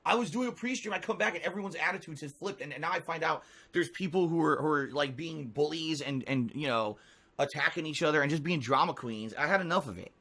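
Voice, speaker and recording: A man's voice: fairly high pitch, fast talker, sharp tone, breathy edge. Heated, foul-mouthed male streamer. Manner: heated, profane ranting. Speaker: live streamer. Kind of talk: unscripted stream talk to chat.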